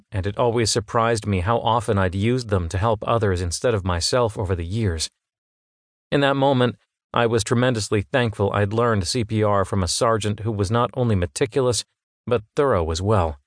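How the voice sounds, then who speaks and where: A man reading a novel aloud in first person, telling it in a measured, emotionally engaged way on a close studio mic. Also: on the low side, no room sound. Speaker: audiobook narrator. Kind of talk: first-person scripted narration.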